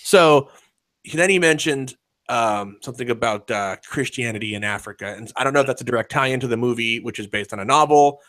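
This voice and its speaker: A man's voice: medium pitch, a little fast, a bit bright, no echo. A man hosting a casual podcast chat, rambling and profane, laughing often as he talks. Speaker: podcast host.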